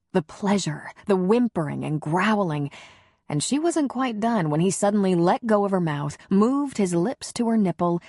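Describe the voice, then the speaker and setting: A woman narrating a romance audiobook in a slow, measured, intimate reading. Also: lowish voice, darkish tone, slightly rough, no echo, clean studio sound.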